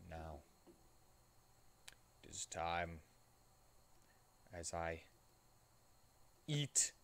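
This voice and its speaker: A man's voice: fairly low pitch, a little slow, a bit bright, a little hiss or hum. A young man streaming a game, reading its text aloud and breaking off for playful, jokey asides. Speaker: gaming streamer.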